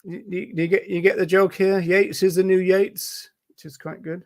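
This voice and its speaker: An older man hosting a casual conversation, wry and quick with a joke. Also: sits high, flat delivery. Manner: wry and joking. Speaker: host.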